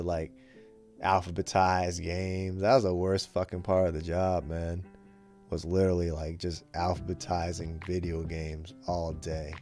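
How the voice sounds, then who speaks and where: A man's voice: low-pitched, dark tone. A young man casually telling a rambling retail story, slangy and full of swearing and fillers.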